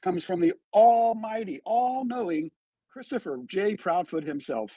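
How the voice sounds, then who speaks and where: A man talks through true crime on a live stream, emphatic and piling on rhetorical questions. His voice sits high and swings widely in pitch, with a slightly husky edge. The sound is dry, with little room echo. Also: expressive, unhurried, dark tone, lo-fi sound. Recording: played back from a live stream.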